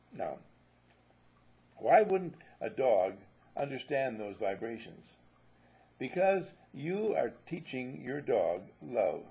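A man with a gravelly, husky voice gives a musing spiritual talk full of stories and small restarts. The recording is dull and lo-fi. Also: mid-range voice, darkish tone. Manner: musing, storytelling, repeats himself. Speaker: spiritual teacher.

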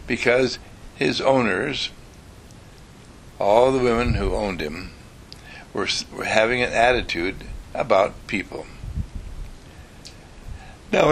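A man teaching an audience through a slow, deliberate story with long pauses. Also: mid-range voice, fairly bright tone, a little hiss or hum, poor audio. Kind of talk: storytelling talk to a live audience.

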